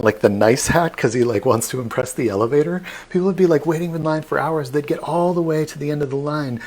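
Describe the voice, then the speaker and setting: A man tour guide giving a live online virtual tour, telling history as a lively story with playful asides to his audience. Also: medium pitch, breathy edge. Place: at home, streamed online.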